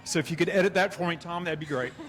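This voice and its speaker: A man who finished second makes light of his mistakes in a quick post-race chat. His voice sits slightly high. He sounds held away from the mic. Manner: joking, self-deprecating.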